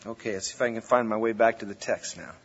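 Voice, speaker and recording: In a church hall with echoing acoustics and dull lo-fi audio, a man preaches as pastor, folksy and conversational. His lowish, slightly rough voice holds a steady tone at a quick pace.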